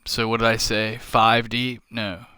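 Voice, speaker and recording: Sleepy male game streamer, slow and rambling, clean bright voice on a dry close mic. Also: fairly low pitch, monotone, clear, resonant tone, dry recording. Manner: slow, rambling, thinking aloud with many fillers. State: tired, yawning late at night. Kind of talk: casual live-stream commentary.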